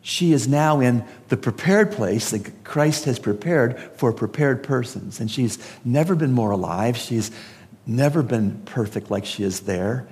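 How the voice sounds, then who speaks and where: A man's voice: mid-range voice, animated, a little slow, a little mellow. A man preaching a funeral sermon, emphatic and asking his listeners pointed questions. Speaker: pastor. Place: church service. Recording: long reverb of a large hall.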